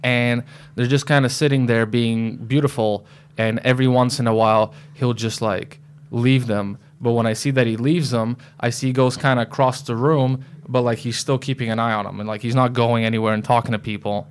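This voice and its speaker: A man's voice: medium pitch, fairly even intonation, fairly quick, smooth. A man as a podcast guest, chatting casually and telling a rambling story full of fillers. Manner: loose storytelling with lots of fillers. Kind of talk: casual chat.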